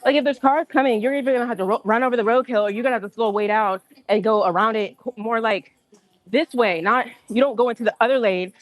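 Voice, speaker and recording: A woman telling a story on a livestream in an indignant, animated way, acting out what people said. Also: a little high, fast, no echo. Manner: indignant, animated, acts out quotes. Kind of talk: casual storytelling rant.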